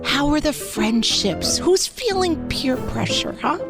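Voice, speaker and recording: A woman's voice: high voice, big pitch swings, slow, gravelly, music in the background, pitched above the performer's own voice, exaggerated voice. A woman voicing a mom who tries too hard at heart-to-heart talks, earnest and prying.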